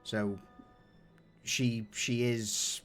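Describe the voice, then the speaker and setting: Man, game master, relaxed descriptive narration, fillers, faint background music. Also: medium pitch, very slow.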